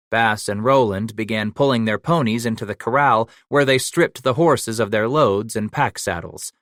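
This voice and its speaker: A man narrating a western novel with a steady storytelling delivery. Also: lowish voice, moderate pace, hardly any pauses, no echo, clean studio sound. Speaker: audiobook narrator.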